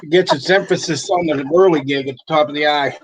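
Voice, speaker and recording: A man's voice: on the high side, fast talker, breathy edge, rough recording. A man co-hosting a casual live stream, joking and cursing as he reads a snack's ingredient list.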